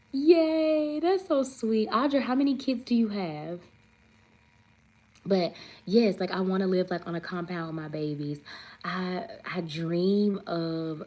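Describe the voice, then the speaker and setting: A woman's voice: sits low, warm tone, low-quality recording. A woman, hosting a casual livestream chat, rambling and saying "like" often. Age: 30s. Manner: chatty, rambling, says "like" often; reads viewer comments aloud. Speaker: livestream host.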